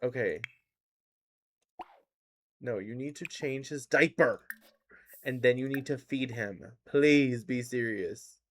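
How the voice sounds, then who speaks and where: Woman streamer, very deep voice, chatty live commentary over a game, quick reactions and repeated phrases, faint hiss behind. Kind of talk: casual gameplay commentary.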